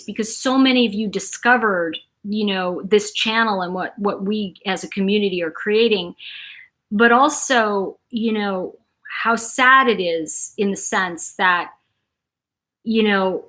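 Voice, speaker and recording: A middle-aged woman hosts a casual livestream, rambling and chatting as she greets viewers by name. Her voice sits in the mid range and is a bit bright.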